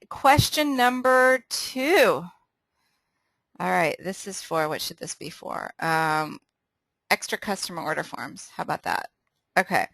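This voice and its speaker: A woman's voice: lowish voice, gravelly, bright, forceful tone, no echo, poor audio. A woman hosting a casual sales training call, upbeat and laughing often, running a quiz and restarting her sentences.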